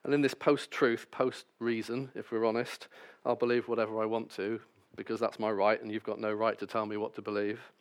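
Male preacher, lowish voice, scripture reading mixed with wry asides. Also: flat delivery, a little fast, hardly any pauses. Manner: reads scripture then preaches with self-deprecating asides. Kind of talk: sermon.

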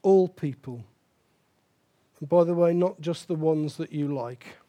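A man's voice: a little high, steady tone, normal speed, dark tone. An older man preaching a sermon as pastor, emphatic and repeating key phrases for stress.

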